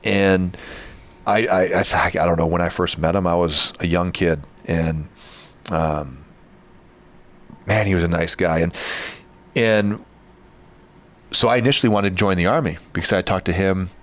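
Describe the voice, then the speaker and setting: A man's voice: deep voice, measured pace, pauses often, a bit bright. A man from Michigan, hosting a podcast, telling a personal story in an earnest, rambling way with frequent restarts. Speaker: podcast host. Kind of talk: casual storytelling chat.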